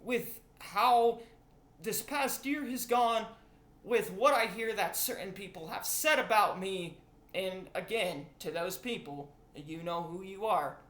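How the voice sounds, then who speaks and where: A young man talks slowly through a confessional rant, rambling and swearing as the feeling spills over. His voice is bright and edged. The room around him echoes. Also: high voice. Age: young adult. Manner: rambling, profane, emotional. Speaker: vlogger.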